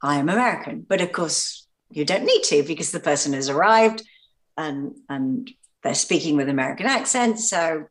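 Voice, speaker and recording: Low-voiced English woman telling stories. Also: animated, moderate pace. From Britain. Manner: hesitant, repeats words, laughs often. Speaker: actress, interview guest. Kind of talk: anecdotal interview talk.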